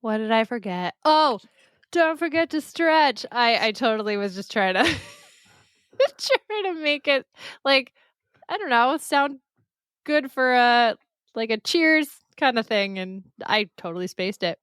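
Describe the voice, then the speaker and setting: A woman's voice: on the high side, measured pace, fairly bright tone, clear, resonant tone, no echo, studio quality. A woman co-hosting a running podcast in casual chat, giggly and upbeat, a little congested from a cold. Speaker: podcast co-host.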